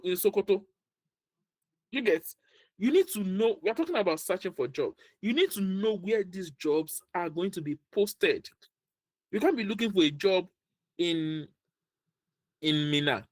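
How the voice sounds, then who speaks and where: A man with a Nigerian accent coaches job seekers over a video call, in a direct, repetitive and animated way. His voice sits fairly high, and the sound is close and dry. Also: no room sound, poor audio. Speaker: career coach. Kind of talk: online training session.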